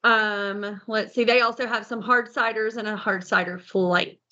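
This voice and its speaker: A woman's voice: fairly high pitch, bright, forceful tone, highs cut off. A woman co-hosting a podcast in casual chat, reading out a menu and tripping over foreign names, laughing at herself. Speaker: podcast co-host.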